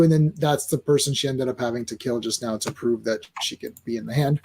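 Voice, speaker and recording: Man, podcast host, casual, rambling, easy laugh, slightly high voice. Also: fairly even intonation, a little fast, a little mellow. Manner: laid-back, rambling, laughs often. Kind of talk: casual comic book discussion.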